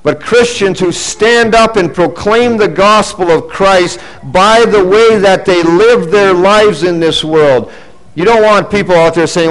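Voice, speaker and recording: Earnest male preacher, fairly high voice. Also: unhurried, low-quality recording. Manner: earnest, swinging from raised emphasis to low hushed asides. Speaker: pastor. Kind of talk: sermon.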